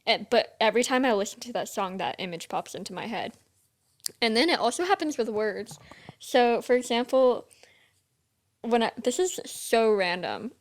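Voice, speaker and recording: A woman's voice: fairly high pitch, animated, moderate pace. A young woman co-hosting a podcast, talking in casual chat with lots of "like" fillers. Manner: chatty, full of "like" fillers. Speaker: podcast co-host.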